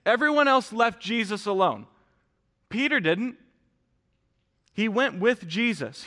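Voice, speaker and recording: A man's voice: high voice, animated, slow, long pauses, bright, forceful tone, big-room sound. A man preaching a sermon in a church, talking earnestly to the congregation and often restarting his sentences. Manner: earnest, direct address with frequent restarts. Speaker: pastor. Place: church sanctuary.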